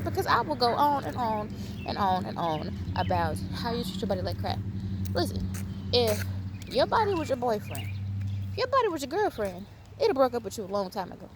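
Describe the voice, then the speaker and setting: A woman's voice: mid-range voice, very animated, moderate pace, pauses often, background noise. A woman talking straight to the camera in an emphatic, scolding way, firing rhetorical questions at her viewers in a vlog. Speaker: video host. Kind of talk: animated lecturing vlog.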